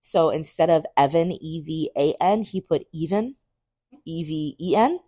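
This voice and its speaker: A woman's voice: unhurried, breathy edge, no echo, clean studio sound. A woman in her twenties, a podcast co-host, telling a personal story candidly and acting out quoted dialogue. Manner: animated, acts out quoted dialogue with big pitch jumps; candid, swears casually.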